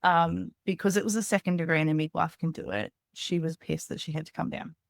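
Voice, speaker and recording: A woman's voice: deep voice, steady tone, fairly quick, creaky, no room sound, studio quality. A woman in her thirties, a podcast guest, telling a personal story candidly in a rambling way with lots of "like".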